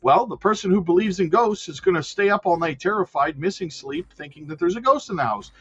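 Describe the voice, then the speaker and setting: A man's voice: high-pitched, expressive, fairly quick, fairly bright tone, slightly rough. A man hosting a casual crypto livestream, chatting with viewers and reading their comments aloud. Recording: dull lo-fi sound with faint music.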